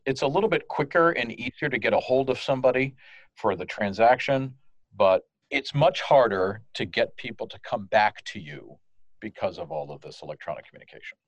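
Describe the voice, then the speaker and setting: A man from France, a guest in an interview, explaining in a lively way and acting out the phrases he quotes. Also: deep voice, no room sound. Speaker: guest, customer service manager. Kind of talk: conversational interview.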